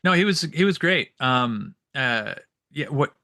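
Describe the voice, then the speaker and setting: Man host, 40s, bright forceful voice, halting questions, dry close mic. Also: on the high side, animated, no echo. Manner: halting, searching for words. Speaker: podcast host, veteran. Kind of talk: casual interview.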